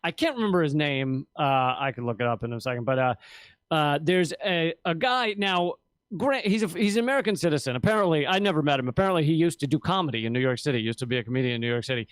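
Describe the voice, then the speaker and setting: A fairly high-voiced man talks politics in a loose, rambling, animated way, cursing as he goes. The sound is dry and close, with no room echo around him. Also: fast talker, clear, resonant tone. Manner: rambling, animated, swears, mimics officials in a high voice. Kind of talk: casual political talk.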